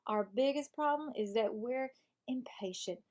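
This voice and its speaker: A woman's voice: a little high, unhurried, darkish tone, lightly acted. A woman reading a self-help book aloud in a put-on American Southern accent, voicing an earnest advice-giving woman. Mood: preachy. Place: home live stream.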